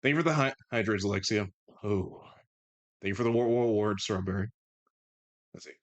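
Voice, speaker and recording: A man's voice: lowish voice, a little fast, no room sound. A man hosting a live stream, chatting casually and playfully bantering with his chat and thanking viewers. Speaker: streamer host.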